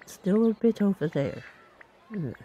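A woman streaming a video game, chatting to her viewers in an excitable, playful way. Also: medium pitch, unhurried, muffled recording. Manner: excitable, talks to viewers, squeals and laughs. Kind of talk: casual let's-play commentary.

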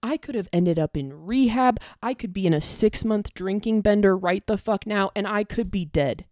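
A woman's voice: mid-range voice, normal speed, darkish tone, no room sound, clean studio sound. A young woman ranting angrily to camera, swearing and confronting an online critic. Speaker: content creator.

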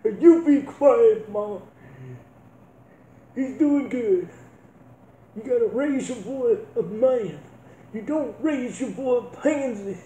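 A gruff, hard-drinking country dad blusters in a folksy drawl, as a man puts him on. His voice is dark and mellow, and his speech drags slowly. The room rings with a noticeable echo. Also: very high-pitched, slight background noise, pitched above the performer's own voice. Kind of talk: comedic sketch acting. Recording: roomy echo.

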